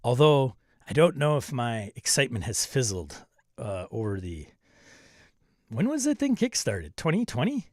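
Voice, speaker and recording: A man's voice: mid-range voice, very animated, normal speed, a little mellow, no echo, studio quality. A man hosting a tabletop game livestream, reading viewer comments aloud and joking around in casual chat.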